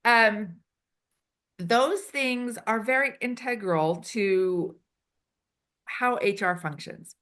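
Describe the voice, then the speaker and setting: A woman consultant being interviewed, chatty and animated, acting out quoted lines as she explains. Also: mid-range voice, extremely slow, long pauses. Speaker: HR consultant and improv performer. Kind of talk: casual interview answers. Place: Switzerland.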